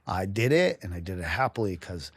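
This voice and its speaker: A man's voice: sits low, big pitch swings, a little fast, no room sound. A man from New England, a guest on a podcast, telling his story candidly and emotionally, swearing freely and often breaking off and restarting.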